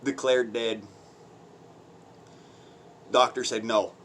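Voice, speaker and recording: A man's voice: medium pitch, little pitch movement, slow, fairly bright tone, slight background noise. A man ranting on his own channel in blunt, crude, mocking commentary, swearing heavily, using folksy slang and laughing between points. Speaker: vlogger.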